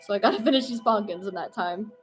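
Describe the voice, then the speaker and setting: A woman's voice: mid-range voice, quick pace, soft background music. A young woman streamer chatting casually and playfully with her viewers while she paints pumpkins. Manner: chatty and playful, reacting to chat.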